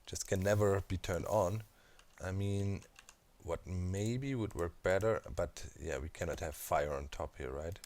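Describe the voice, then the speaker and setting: A man plays Minecraft as a let's player, casually commenting while he builds and thinking aloud with plenty of fillers and asides. His voice is deep, unhurried and a little mellow.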